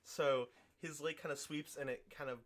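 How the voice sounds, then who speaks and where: A man's voice: fairly high pitch, steady tone, normal speed, a bit bright. A man running a tabletop game as game master, narrating casually with loose fillers.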